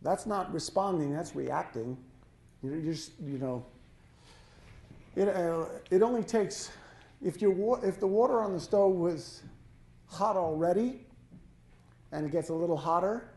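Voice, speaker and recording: A man's voice: fairly high pitch, expressive, vocal fry, warm tone. Guy doing a coaching talk in a lodge hall, stops and fixes his words a lot, sound bounces around the room. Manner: halting, self-correcting, conversational. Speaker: life coach giving a talk. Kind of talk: live talk to a small audience. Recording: echoey hall.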